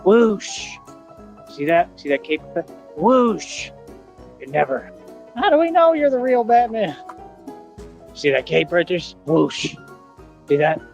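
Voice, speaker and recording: A man with a gravelly voice speaks slowly, his pitch rising and falling. He insists he is the real Batman. Faint music plays behind him. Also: big pitch swings, a little mellow. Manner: proudly swishing a cape and insisting he is the real Batman.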